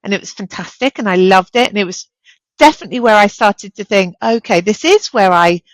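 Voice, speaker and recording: A middle-aged chief executive appears as a guest in a candid interview, telling stories with energy and animation and acting out the dialogue she quotes. Her voice is mid-range and fairly quick, in a rough recording with no echo.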